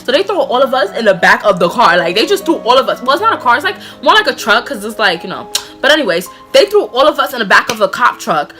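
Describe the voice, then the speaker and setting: A young woman telling a storytime vlog, animated and slangy, full of "like" fillers. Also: on the high side, quick pace, faint music behind. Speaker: vlogger.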